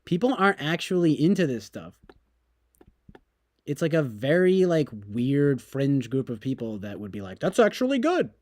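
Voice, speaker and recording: A man's voice: mid-range voice, expressive, normal speed, darkish tone, no echo, clean studio sound. A man streaming, talking casually in a sarcastic, mocking and rambling way.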